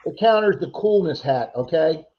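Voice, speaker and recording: A man's voice: a little high, animated, moderate pace, lo-fi sound. A man co-hosting a casual livestream, chatty and teasing as he reads out viewer names. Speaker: livestream co-host.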